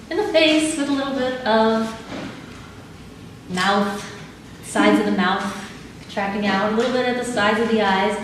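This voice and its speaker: A woman leading a live audience through body exercises in a calm, instructive way, laughing easily. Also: on the high side. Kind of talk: live talk with guided exercises. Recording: echoey hall, mic at a distance, audible background noise.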